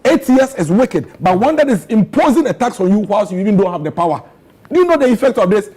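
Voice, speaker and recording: A Ghanaian man with a Ghanaian accent pleads and argues in a heated political panel debate. His voice sits high and comes out husky. He hammers home points with repeated questions. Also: sing-song, fast talker, darkish tone. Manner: impassioned, rising to pleading outrage.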